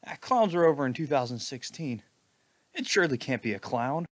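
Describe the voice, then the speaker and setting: A man giving mocking, deadpan sarcastic commentary over a video. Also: medium pitch, brisk, dry recording. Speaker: video reactor.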